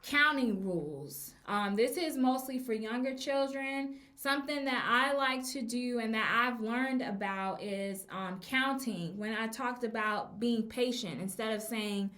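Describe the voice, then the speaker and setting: A woman speaks as a teacher hosting a casual advice podcast. Her voice sits a little high, and she talks in a chatty way with frequent ums. She slows down to stress key words. The room has a noticeable echo. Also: a bit bright. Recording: echoey room.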